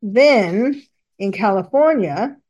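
A woman hosting a talk show, commenting and reading out quotes, often pausing with fillers and correcting herself. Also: medium pitch, animated, darkish tone. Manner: halting, with fillers and self-corrections. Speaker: host.

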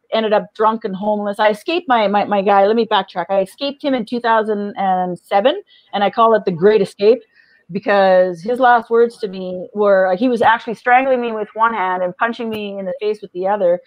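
A woman's voice: mid-range voice, a little mellow, no room sound, rough recording. A middle-aged woman, an interview guest, frankly telling her personal story, often restarting and repeating words. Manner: frank, restarts and repeats words, laughs between heavy memories. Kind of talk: personal story told in conversation.

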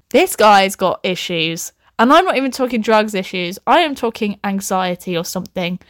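A woman's voice: medium pitch, big pitch swings, normal speed, a bit bright, dry recording, studio quality. A young woman reading her own old story aloud, breaking off into laughing, sweary, self-mocking asides. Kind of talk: comic reading with commentary.

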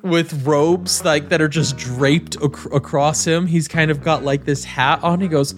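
A man's voice: a little high, fairly even intonation, a little slow, soft background music. A man narrating a tabletop game as game master, casual with many fillers.

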